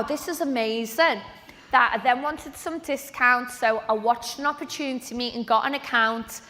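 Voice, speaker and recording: A woman in her forties tells her story from the stage in a lively, chatty way. Her voice is high and bright, almost sharp. It rings out with the long reverb of a large hall. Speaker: speaker at a business event. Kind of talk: motivational stage talk.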